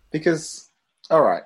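A man in casual conversation, easygoing and quick to laugh, explaining his view at length. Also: a little high, breathy edge. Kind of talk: casual chat.

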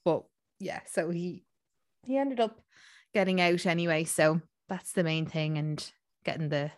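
A woman's voice: fairly low pitch, a little slow, no echo, studio quality. A woman co-hosting a podcast in casual chat, rambling with lots of fillers. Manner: chatty, rambling with many fillers. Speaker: podcast co-host.

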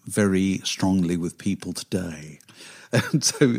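A man's voice: low-pitched, slow pace, husky. An older man co-hosting a podcast, talking in a wry, emphatic way and chuckling often. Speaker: podcast co-host. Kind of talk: casual chat.

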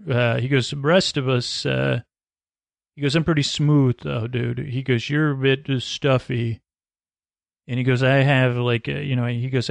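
Gravelly man rambling through a recap. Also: mid-range voice, no room sound. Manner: halting, many "uh" fillers and restarts. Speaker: podcast host recapping a TV episode. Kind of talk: casual rambling recap, paraphrasing scenes in slangy voices.

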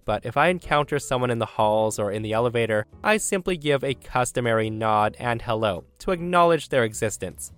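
A man hosting a show, reading Reddit stories aloud as an animated, excitable storyteller. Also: mid-range voice. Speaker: host. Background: faint background music.

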